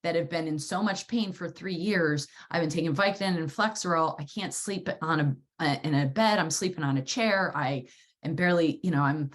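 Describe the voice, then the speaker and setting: A woman hosting a solo podcast, telling a personal story in a lively, wordy way and swearing freely. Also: deep voice, normal speed. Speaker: podcast host.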